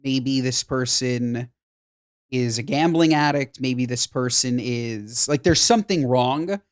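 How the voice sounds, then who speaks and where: A woman's voice: extremely low pitch, slow pace. Blunt woman co-host giving advice. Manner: blunt, emphatic, rhetorical questions. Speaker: podcast co-host. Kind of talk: casual chat giving advice.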